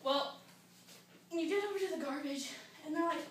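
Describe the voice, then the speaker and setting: A young woman with a high voice gives a sarcastic, comic complaint speech in a classroom. She breaks into shrill, panicked impressions of the people she mocks. The recording is very echoey and noisy, with the mic set well away from her. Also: brisk, long pauses, far from the mic. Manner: sarcastic, acts out panicked quotes. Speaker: student giving a speech.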